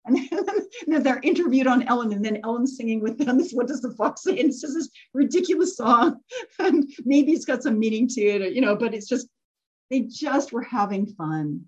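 A middle-aged woman speaks to a group in a high, slightly breathy voice. She tells stories in a chatty, animated way and laughs often between her points. The recording is dull and lo-fi. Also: moderate pace. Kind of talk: motivational storytelling talk.

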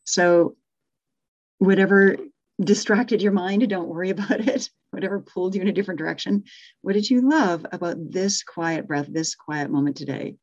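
Brief: woman meditation teacher on a video call, a little low-pitched, gentle and soothing, bubbly with excitement, muffled call audio. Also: normal speed. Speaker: meditation teacher leading an online group. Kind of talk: guided meditation and group sharing on a video call.

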